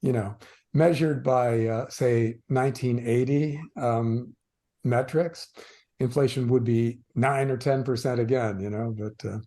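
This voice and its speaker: A man with a mellow, darker voice speaks as a podcast guest. He explains things casually, with dry irony. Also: medium pitch, fairly even intonation, a little slow. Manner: dry ironic, hesitant with fillers. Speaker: guest commentator. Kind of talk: casual interview chat.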